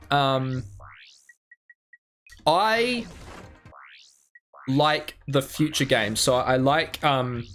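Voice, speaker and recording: A man's voice: fairly high pitch, a bit bright. A man streaming a video game, chatting casually with frequent ums and chuckles. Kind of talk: casual live gameplay commentary. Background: faint game music.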